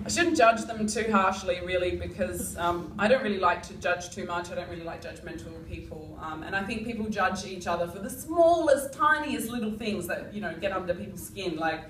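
A woman's voice: fairly low pitch, brisk, hardly any pauses. A young Australian woman doing a stand-up comedy set, rambling and giggly, with lots of "like" and "um". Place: comedy club. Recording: echoey club mic heard from far off. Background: audience room noise.

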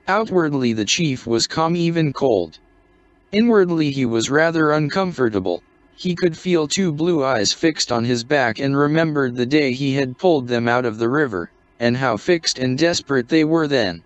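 A man reading a short story aloud in a measured, scripted narration. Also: medium pitch, lively intonation, no echo. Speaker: audiobook narrator. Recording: dry, dull lo-fi recording.

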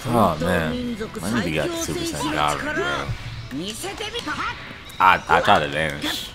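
A young man giving casual live commentary while playing ranked fighting-game matches, swinging between muttered complaints and yelled reactions. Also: very deep voice, a little slow. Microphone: desktop USB microphone. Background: loud game music.

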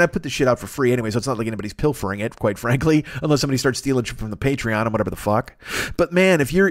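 A man's voice: mid-range voice, no echo, clean studio sound. A man hosting his own comedy podcast, ranting and riffing in a profane, rambling monologue. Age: 40s. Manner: profane, rambling, quick riffing rant with mock voices. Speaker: podcast host.

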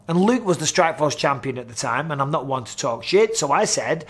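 A man's voice: a little high, animated, brisk, a bit bright, slightly rough. A middle-aged man, a former fighter, giving blunt, casual commentary and swearing freely.

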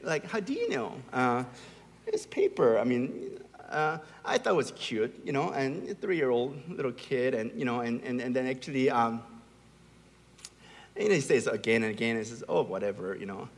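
A man's voice: mid-range voice, lively intonation, moderate pace. A middle-aged man preaching a sermon as a pastor, telling stories and building to emphatic, rising peaks. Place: large church hall. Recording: long hall reverb.

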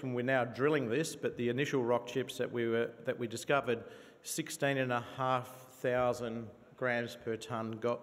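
A man with a New Zealand accent pitches his company to investors in a conference venue, his voice carrying a long hall reverb. His pitch sits mid-range, and he talks with eager enthusiasm, often stopping to restart a phrase with an "uh". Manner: enthusiastic, with frequent fillers and restarts. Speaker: company presenter.

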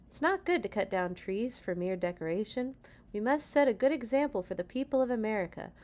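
A woman's voice: on the high side, animated, brisk, darkish tone, natural voice. A woman reading the part of a playful but earnest adult male president and father, explaining his decision firmly in a picture-book read-aloud.

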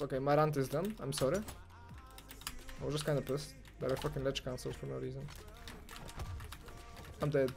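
A young man commentating on his own gameplay, excitable and foul-mouthed, swinging from muttering to yelling and ranting. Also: medium pitch, normal speed, gravelly, long pauses, faint music behind. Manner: excitable, swears, rants, swings from mumbling to yelling. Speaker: gamer streamer.

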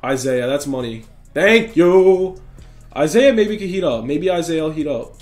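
A young man giving excited, trash-talking commentary over his own basketball video game play. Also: a little high, fairly quick, faint music behind. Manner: hyped, trash-talking, reacts loudly to every play. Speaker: gaming YouTuber.

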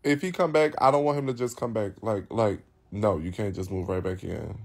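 A man's voice: fairly low pitch, fairly quick, creaky. A man hosting a live stream, talking casually to his viewers in a blunt, profane and rambling way.

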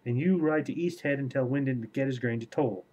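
A man's voice: medium pitch, brisk, dark tone, natural voice. A man reading the lines of a harried, exasperated young prince in a fantasy audiobook-style reading. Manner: exasperated, commanding.

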